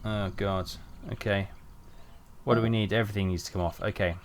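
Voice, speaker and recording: A man's voice: on the low side, steady tone, a little fast, a little hiss or hum. A British man giving chatty, rambling live commentary while streaming a game, with dry joking asides.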